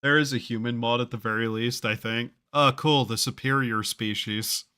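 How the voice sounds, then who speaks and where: A man's voice: mid-range voice, fairly even intonation, moderate pace, sharp tone, smooth. A man streaming a game, chatting casually in a rambling, wry and self-mocking way, with offhand swearing. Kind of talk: casual live-stream chatter while gaming.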